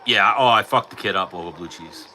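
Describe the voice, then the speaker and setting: A middle-aged man with a very bright, sharp voice chats casually on a livestream, spinning animated stories and swearing freely as he acts out the people in them. He talks into his own mic, with a faint hiss of noise underneath. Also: low voice, brisk, low-quality recording. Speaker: livestream host. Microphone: personal mic.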